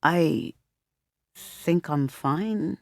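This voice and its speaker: A woman's voice: low voice, extremely slow, no room sound, clean studio sound, heavily acted. A woman voicing a dazed, confused young man who stammers and speaks hesitantly.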